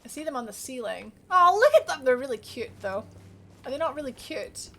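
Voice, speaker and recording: A woman's voice: sits high, lively intonation, brisk, fairly bright tone, slight background noise. A young woman livestreaming a game, chatting casually and bubbly, answering her viewers by name and laughing often. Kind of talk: casual live gameplay commentary.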